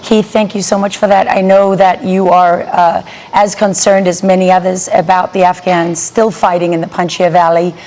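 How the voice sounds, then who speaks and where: A woman hosting a news show, presenting from a script in a smooth delivery. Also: on the low side, little pitch movement, normal speed, hardly any pauses, a little mellow.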